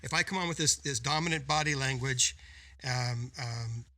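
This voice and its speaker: Man, podcast co-host, emphatic coaching delivery, bright tense tone. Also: medium pitch, normal speed. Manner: emphatic, coaching tone with rhetorical "right?". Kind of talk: casual business podcast talk.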